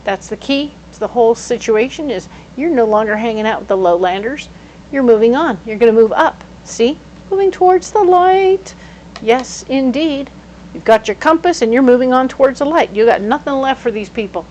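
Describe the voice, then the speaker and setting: A woman giving a casual tarot reading, animated and playful, breaking into sudden exclamations. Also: fairly high pitch, moderate pace, a little hiss or hum, poor audio. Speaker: tarot reader.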